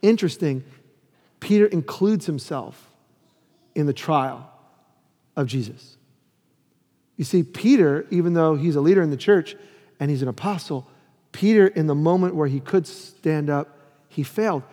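High-voiced preaching man in a reverberant hall. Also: measured pace, pauses often. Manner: animated preaching, acts out quoted lines. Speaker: pastor. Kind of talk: sermon.

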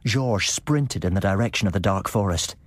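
A man giving a scripted, measured narration of a gothic tale. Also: lowish voice, breathy edge, no room sound.

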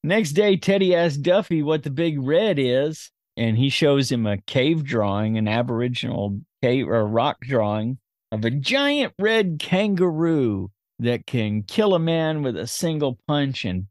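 A man hosting a podcast, summarizing a movie plot scene by scene in a steady, informal way. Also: medium pitch, a little slow, dry recording, clean studio sound.

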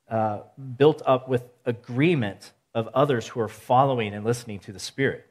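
Man preaching with rhetorical questions. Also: medium pitch. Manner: measured teaching with rhetorical questions; steady, counts points aloud. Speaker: pastor. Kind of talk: sermon.

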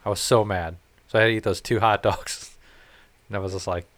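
A man's voice: deep voice, fairly even intonation, brisk, a bit bright. A man co-hosting a casual podcast, telling rambling, profane stories with laughs. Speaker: podcast co-host. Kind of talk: casual chat, storytelling.

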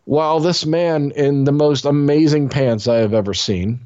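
A man's voice: a little high, moderate pace, dark tone, clean tone, dull audio. A man co-hosting a casual comedy podcast, reading a news story aloud with jokes and put-on voices for the quotes.

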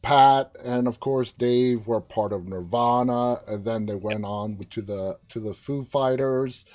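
A man's voice: mid-range voice, unhurried, a little mellow. A man conducting a casual interview, praising the film and asking long, winding questions.

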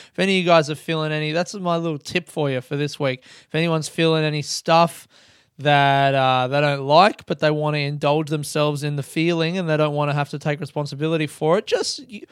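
A man's voice: fairly high pitch, fairly bright tone, clean tone, no echo. A young adult man hosting a casual solo podcast, ranting and sardonic, swearing freely, close to the mic. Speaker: podcast host. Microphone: close studio mic.

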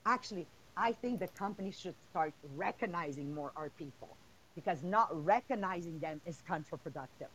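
A woman's voice: fairly low pitch, lively intonation, moderate pace, fairly bright tone, slight background noise, poor audio. A woman hosting a casual podcast, answering questions bluntly with lots of energy and laughter. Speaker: podcast host.

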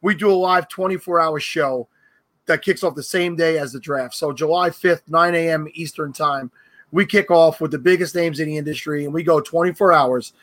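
A man's voice: fairly high pitch, normal speed, a bit bright. A man from New York, a guest on a podcast, joking and chatty. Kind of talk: casual podcast chat.

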